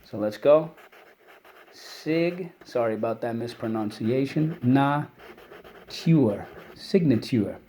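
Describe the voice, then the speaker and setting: A man teaching a spelling and vocabulary lesson for kids, explaining words patiently and drilling them in call-and-response with quick praise. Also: mid-range voice, warm tone, a little hiss or hum.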